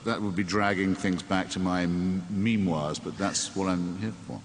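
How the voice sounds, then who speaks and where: A man's voice: low-pitched, steady tone, moderate pace. A man, a sardonic guest talking on stage in a wry, digressive way. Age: 60s. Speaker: interview guest. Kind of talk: onstage conversation before an audience. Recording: echoey hall, faint room noise.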